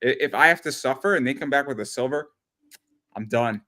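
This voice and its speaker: A man's voice: mid-range voice, fast, pushed and bright. A man hosting a casual talk show, rambling and swearing, often repeating his words. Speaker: podcast host. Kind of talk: casual chat.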